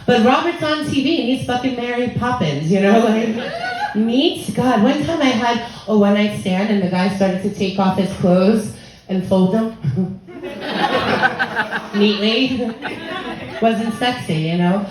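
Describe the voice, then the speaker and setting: A woman's voice: a little high, lively intonation, slow pace, background noise. An American woman in her thirties performing a bawdy, conversational stand-up set on a comedy club stage, acting out the people in her stories. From United States. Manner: bawdy, conversational, acts out quoted voices. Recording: echoey club room with crowd laughter. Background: audience laughter.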